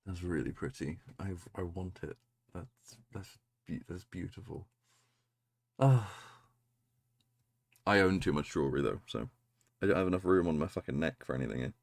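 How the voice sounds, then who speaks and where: A man's voice: sits low, normal speed, gravelly, pauses often, no room sound. A man chatting casually on a livestream, swearing freely and making self-deprecating asides. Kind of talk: casual livestream reaction chat.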